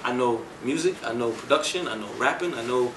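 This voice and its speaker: A man, a music producer, telling his story in an interview at an indoor venue, animated and acting out the dialogue he recounts. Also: medium pitch, a little fast, noisy background. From United States. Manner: animated, acts out quoted dialogue. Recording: echoey room, mic at a distance.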